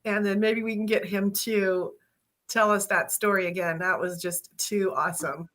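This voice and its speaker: A woman's voice: mid-range voice, steady tone, normal speed, a bit bright. A woman hosting an interview series, upbeat and chatty, laughing often.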